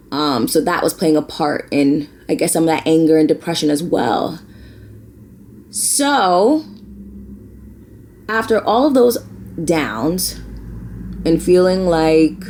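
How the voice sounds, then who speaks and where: A woman's voice: sits low, a little mellow. A young American woman vlogging, chatting candidly while doing her makeup. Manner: candid, conversational, many fillers and likes.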